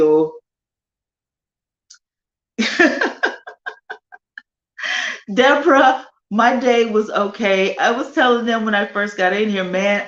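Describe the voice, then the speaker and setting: Woman chatting live w/ her viewers, animated, kinda echoey room, slightly muffled sound. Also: medium pitch. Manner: animated, chatty, drawn-out emphasis. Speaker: livestream host. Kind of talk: casual live chat with viewers. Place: home sunroom.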